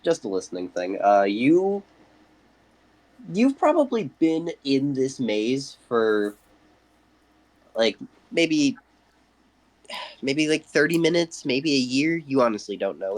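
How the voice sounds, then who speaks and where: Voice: medium pitch, very animated, slow pace, long pauses, low-quality recording. Game master talking through the scene, loose and chill, mid voice. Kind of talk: narrating a tabletop game.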